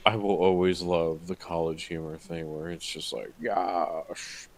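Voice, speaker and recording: A man's voice: low-pitched, level tone, normal speed, over a noisy crowd, low-quality recording. A man co-hosting a casual podcast, rambling, joking and swearing. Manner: jokey, profane, rambling. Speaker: podcast co-host. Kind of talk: casual chat.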